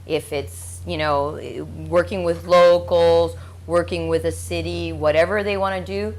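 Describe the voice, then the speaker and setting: A woman with a low voice explains her hotel ministry at an unhurried pace. She answers in a plain, matter-of-fact way. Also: fairly even intonation, darkish tone. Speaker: hotel owner and ministry leader. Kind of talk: interview answers.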